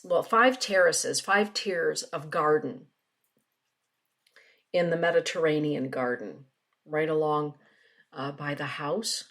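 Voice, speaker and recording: In a laid-back webinar, a middle-aged spiritual teacher talks with her viewers and reads from oracle cards. Her voice is low-pitched yet a bit bright.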